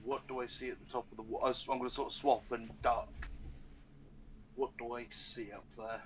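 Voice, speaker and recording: A man's voice: mid-range voice, little pitch movement, brisk, slight background noise, poor audio. A man playing a casual tabletop game, plainly describing his moves. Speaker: player.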